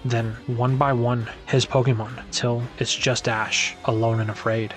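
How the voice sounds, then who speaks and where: A man's voice: mid-range voice, flat delivery, unhurried, soft background music. Man narrating a dramatic fan story. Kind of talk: scripted fan-fiction narration.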